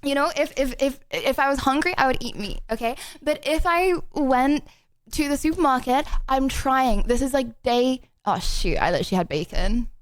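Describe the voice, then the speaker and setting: Young English woman, high-voiced streamer, chatty and giggly, dry sound. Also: animated, moderate pace, no room sound. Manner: rambling, giggly, filler-heavy chatter. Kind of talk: casual chat with viewers.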